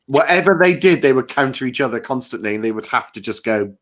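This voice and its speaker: A man's voice: medium pitch, quick pace. Guy cohosting a comedy podcast, voice bouncing up and down a lot, always joking around. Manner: jokey, lively, puts on silly voices in quotes. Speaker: podcast co-host. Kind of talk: casual comedy chat.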